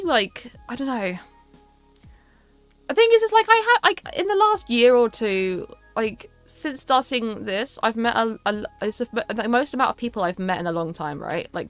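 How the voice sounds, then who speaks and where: A woman's voice: a little high, fairly bright tone. Rambling, stammering young woman. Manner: rambling, stammering, frequent restarts. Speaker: streamer. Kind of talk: casual chat stream.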